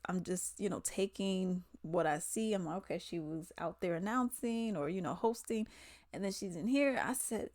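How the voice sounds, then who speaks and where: A woman's voice: fairly low pitch, normal speed, a little mellow, no room sound, studio quality. A woman in a casual, chatty commentary vlog, talking in slangy asides. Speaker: commentary vlogger. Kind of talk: casual chat.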